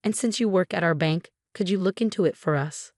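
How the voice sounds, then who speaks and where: Older mother-in-law figure, scheming, sugary-sweet, pleading, done by a woman narrator, low-pitched, dry storybook recording. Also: fairly quick, darkish tone, no echo, natural voice.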